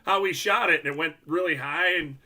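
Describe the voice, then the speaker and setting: A man, a hockey referee co-hosting a casual podcast, telling animated stories and acting out quotes. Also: fairly high pitch, brisk. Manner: animated storyteller, acts out quotes. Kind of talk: casual chat.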